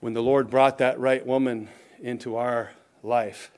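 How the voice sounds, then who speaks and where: A middle-aged man preaching a sermon as pastor, emphatic, swinging between raised exhortation and quiet asides. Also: level tone, a little slow. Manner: emphatic preaching, rises and falls in pitch and volume, occasional chuckles.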